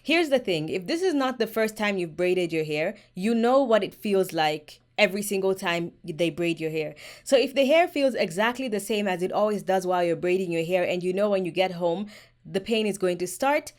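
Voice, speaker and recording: A woman's voice: medium pitch, lively intonation, moderate pace. A woman vlogging hair care tips straight to camera, frank and emphatic as she gives advice to viewers. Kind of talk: direct-to-camera advice vlog.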